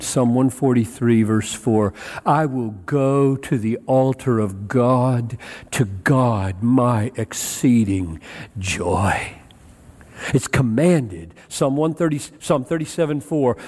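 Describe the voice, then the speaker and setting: Slow, animated male preacher in a hall. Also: mid-range voice. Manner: emphatic, repeats key phrases, quotes scripture. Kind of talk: sermon. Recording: long reverb of a large hall.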